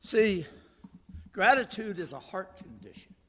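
Male pastor, sermon, slightly high voice, earnest, long hall reverb. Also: unhurried, slightly rough. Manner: animated poem recital then earnest preaching. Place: church auditorium.

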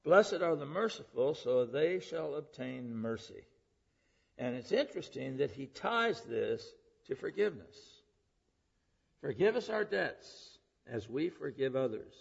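A man with a gravelly, husky voice preaches a sermon in earnest and keeps turning to the listeners with questions. The sound is dull and lo-fi, and his words ring on with a long reverb as if in a large hall. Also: fairly high pitch. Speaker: preacher and public school teacher.

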